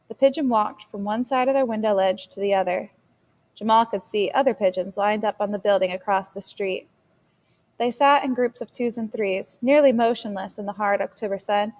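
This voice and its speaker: A woman teacher reading a novel chapter aloud for her class in a steady storytelling manner. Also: medium pitch. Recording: long reverb.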